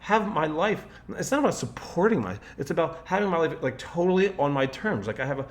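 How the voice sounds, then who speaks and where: A man's voice: fairly high pitch, expressive, fairly quick. A man speaking in a casual, rambling monologue as a motivational speaker, often restarting sentences and switching into quoted voices. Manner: rambling, with frequent restarts and "like" fillers.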